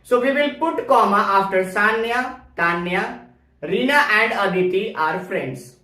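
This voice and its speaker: A woman teacher, explaining grammar step by step to young students in a deliberate classroom manner. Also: medium pitch, bright, forceful tone. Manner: slow, deliberate explaining with worked examples. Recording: roomy echo.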